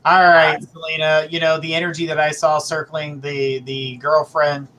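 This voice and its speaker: A man's voice: fairly high pitch, flat delivery, moderate pace, sharp tone, slight background noise. A man hosting a live psychic reading, giving blunt, emphatic advice with repeated phrases. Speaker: psychic reader, show host.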